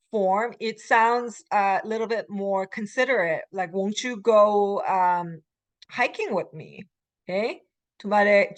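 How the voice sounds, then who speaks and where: A woman professor giving a recorded language lecture. She explains with many fillers and acts out example phrases. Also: mid-range voice. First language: Korean. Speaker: college Korean language professor.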